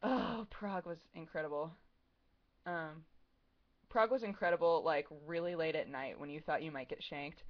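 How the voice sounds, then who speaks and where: On a livestream with dull lo-fi audio, a streamer in her twenties chats casually through viewers' questions, giggling and rambling with heavy use of "like" and "um." Her voice sits low and she speaks at normal speed.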